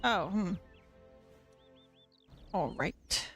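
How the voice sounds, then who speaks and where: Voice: mid-range voice, expressive, drawn-out words, a bit bright, faint music behind. A game streamer talking casually to themself while playing live, muttering plans aloud. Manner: chatty, muttering to self. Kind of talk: casual live gameplay talk.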